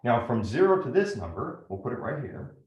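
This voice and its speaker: A man's voice: medium pitch, very animated, brisk, darkish tone, roomy sound. A man teaching a math lesson step by step, often checking in with "right?". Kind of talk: classroom lecture at a whiteboard.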